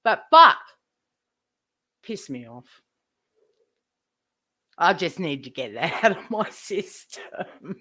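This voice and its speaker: A woman's voice: on the low side, sing-song, slow, long pauses, pushed and bright. A woman live streamer ranting to her chat, indignant, swearing heavily and repeating herself.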